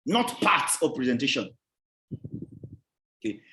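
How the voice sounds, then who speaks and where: A man lectures on presentation skills, punching his emphasis and repeating himself to drive points home. His voice sits a little high for a man. The recording carries a roomy echo. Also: very animated, moderate pace, pauses often, fairly bright tone. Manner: emphatic, repeats key words, quizzes the class. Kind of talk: revision class lecture. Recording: roomy echoey sound.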